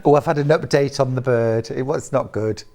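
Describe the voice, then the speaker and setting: A man with a British accent presenting on a live shopping channel, chatty and jokey, reading out viewer messages between product pitches. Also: moderate pace, dark tone.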